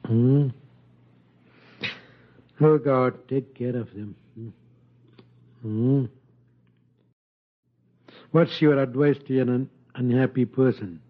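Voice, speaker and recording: An older man giving an informal spiritual talk, speaking slowly and gently and chuckling often. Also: mid-range voice, steady tone, narrow, tinny audio. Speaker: spiritual teacher.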